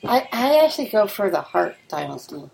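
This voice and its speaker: A woman's voice: medium pitch, sing-song, brisk, creaky, a little mellow, a little hiss or hum. A woman guest on a casual podcast who gives blunt, dismissive opinions. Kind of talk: casual chat.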